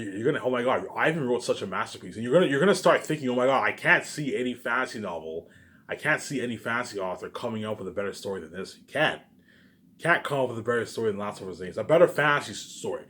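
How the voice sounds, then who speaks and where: Fast-talking boastful man on camera. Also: mid-range voice, a bit bright. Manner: boastful, repetitive, swears freely. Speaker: vlogger. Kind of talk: casual rambling monologue to camera. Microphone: camera mic.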